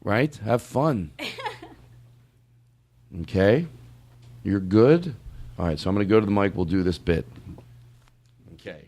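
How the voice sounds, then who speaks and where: A man's voice: lowish voice, lively intonation, a little slow, long pauses, darkish tone. A man hosting a podcast in casual studio chat, rambling and joking and often breaking off his own sentences. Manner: rambling, joking, self-interrupting. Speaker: podcast host.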